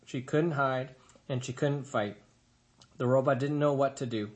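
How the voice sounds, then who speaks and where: A man reading a children's novel aloud in a steady, expressive storytelling manner. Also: medium pitch, measured pace. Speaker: reader.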